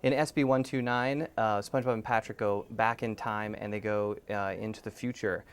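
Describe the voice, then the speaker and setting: A man supervising background painters in a behind-the-scenes interview, explaining calmly and instructively with lots of pauses. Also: on the low side, clean tone. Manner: relaxed, instructive, frequent uh fillers.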